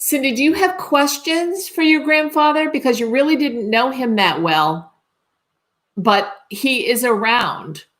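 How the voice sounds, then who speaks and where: A woman's voice: high-pitched, animated, measured pace, fairly bright tone. Tentative woman giving a psychic reading. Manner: tentative, often checking for confirmation. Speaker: psychic medium. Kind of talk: live psychic reading on a stream.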